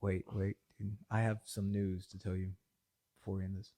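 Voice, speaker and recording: Young guy podcast cohost, laughs a lot, voice shoots up high when he gets going. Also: moderate pace. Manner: laughing storyteller, voice jumps high when excited. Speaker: podcast co-host. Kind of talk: casual chat.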